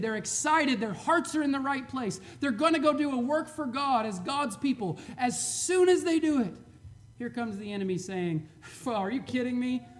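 A man preaching a sermon to his church, fervent and emphatic, swinging from loud to quiet and chuckling between points. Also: very high voice. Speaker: pastor.

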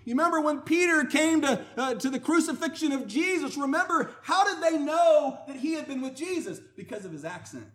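A man with a very high voice preaches a sermon. He talks in a conversational way, telling personal stories, then swings up to loud, emphatic declarations before dropping back to quiet asides. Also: lively intonation, a little fast, few pauses.

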